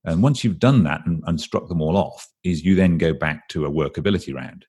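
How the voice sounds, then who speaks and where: A man with an English accent, a guest expert in an interview, explaining a process briskly and acting out what people say. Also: very deep voice, a little mellow, breathy edge. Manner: brisk, explanatory, acts out quoted voices.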